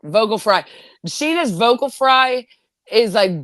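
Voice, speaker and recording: A woman's voice: a little high, lively intonation, a little slow, a bit bright, dry recording, studio quality. A woman on a panel chatting casually about reality TV, full of "like" fillers and laughing asides. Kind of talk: casual pop culture chat.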